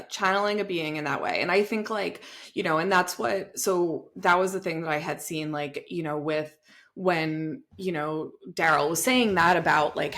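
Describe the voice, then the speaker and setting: A woman in her thirties talks casually on a podcast, her speech animated and full of fillers, with the odd swear word. Her voice sits somewhat low for a woman. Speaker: podcast co-host. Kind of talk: casual conversation.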